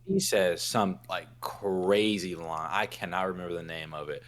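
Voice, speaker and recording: Man, lowish voice, casual podcast chat, relaxed, trails off recalling details. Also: normal speed. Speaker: podcast co-host. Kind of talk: casual movie recap chat.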